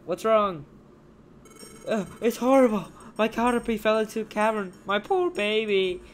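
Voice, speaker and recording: A man's voice: high-pitched, expressive, moderate pace, a little hiss or hum, voice pushed up. A man voicing a distraught creature parent who pleads for help. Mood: pleading.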